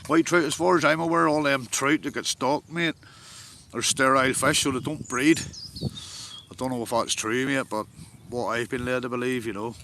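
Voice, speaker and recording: Northern Irish man, casual outdoor streamer, sweary and chatty, bright ringing tone, faint nature sounds behind. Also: medium pitch, fairly even intonation, moderate pace, gravelly, a little hiss or hum. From Northern Ireland. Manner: chatty, swears a lot, answers viewers' comments. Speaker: live streamer. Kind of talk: casual live-stream chat. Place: outdoors by a fishing lake.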